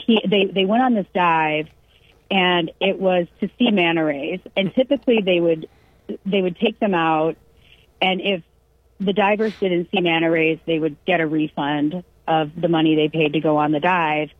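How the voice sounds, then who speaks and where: A middle-aged woman from California spins a family story in relaxed, casual conversation. She acts out each person she quotes and laughs as she goes. Her voice sits a little low and husky, and it reaches us dry and boxy through a narrow, phone-like radio line. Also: normal speed, no room sound.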